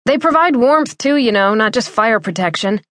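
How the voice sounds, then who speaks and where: A woman's voice: fairly high pitch, lively intonation, moderate pace, a bit bright, no room sound, studio quality, pitched above the performer's own voice. A woman playing an earnest young Navy pilot. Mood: insistent. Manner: earnest, insistent.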